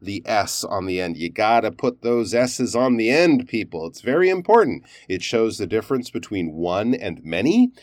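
A man's voice: lowish voice, big pitch swings, normal speed, hardly any pauses, darkish tone, no echo, clean studio sound. A man teaching pronunciation, reviewing learners' recorded sentences and explaining stress and endings in an encouraging, explanatory way.

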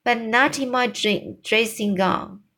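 A woman voicing a calm, dignified queen who speaks formally, read slowly from a storybook. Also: on the high side, exaggerated voice. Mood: composed. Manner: composed and formal.

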